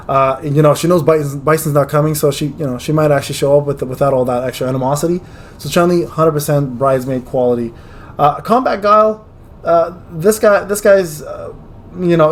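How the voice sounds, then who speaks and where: Male gaming host, rapid-fire and rambling, slangy jokes, voice a bit high, faint hiss under it. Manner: rambling and slangy, jokey, quick restarts. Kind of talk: casual tier-list commentary.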